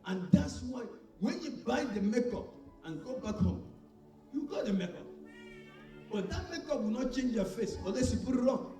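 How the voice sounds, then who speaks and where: High-pitched preacher man shouting in an echoey hall. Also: lively intonation, normal speed. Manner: shouting call-and-response with the congregation. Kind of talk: sermon. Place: church hall. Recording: echoey church hall, mic far off, faint music.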